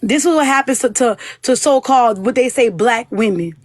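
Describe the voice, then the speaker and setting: A woman's voice: on the high side, moderate pace, no room sound. A woman hosting a live-stream discussion, earnest, who often stumbles into restarts as she calls for attention, speaking into a phone.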